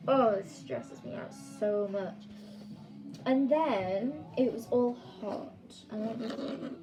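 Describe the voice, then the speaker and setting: A woman's voice: on the high side, low-quality recording. A woman tells a casual story time to her channel, chatty and full of "like" fillers. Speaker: vlogger.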